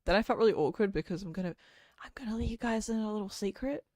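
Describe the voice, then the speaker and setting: A VTuber streamer, a woman in her late twenties, chats casually on a livestream, rambling and using lots of filler words. Her mid-range voice is a little mellow and she talks fast, captured in a dry, clean studio recording.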